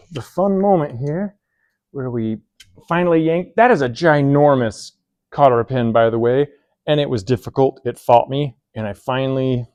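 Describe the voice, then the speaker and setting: A man's voice: mid-range voice, a little mellow, no echo. A man narrating casually as he takes a tractor apart in his workshop, thinking aloud and poking fun at himself. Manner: thinking aloud, self-deprecating, bursts of amused laughter. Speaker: hobby mechanic vlogger.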